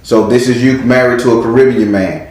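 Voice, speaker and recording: A man's voice: mid-range voice, fairly even intonation, fairly quick, a little mellow. A man giving a casual past-life tarot reading, blunt and profane, telling the story vividly with sound effects. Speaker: tarot reader. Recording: very echoey room.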